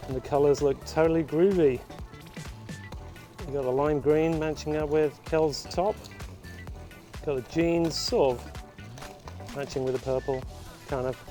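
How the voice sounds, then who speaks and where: Male vlog host, mid-pitch, easy explanatory delivery outdoors, music bed. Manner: relaxed, explanatory. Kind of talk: vlog narration. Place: outdoors by canals.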